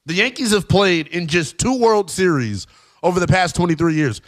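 A man's voice: high voice, expressive, normal speed. A man hosting a sports talk show, giving emphatic, slangy opinions to fans.

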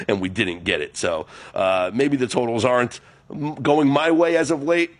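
A man hosting a live sports betting radio show, chatty and animated with self-mocking asides. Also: medium pitch, normal speed. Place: radio studio.

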